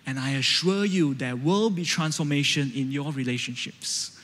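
A man's voice: mid-range voice, normal speed, a bit bright, long reverb tail. A man in his thirties with a Malaysian English accent, preaching a sermon in a conversational, storytelling way that often checks in with "right?".

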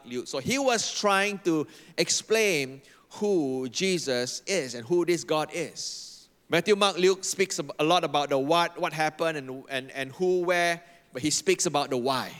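A man whose voice is a little high and bright preaches emphatically, repeating phrases for effect. As pastor in a church hall with long hall reverb, he has the congregation read aloud with him in call-and-response.

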